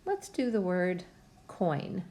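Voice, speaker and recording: A woman's voice: fairly low pitch, very animated, mellow. A woman teacher giving a patient, step-by-step phonics lesson to young students from home. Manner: slow, patient, step-by-step instruction.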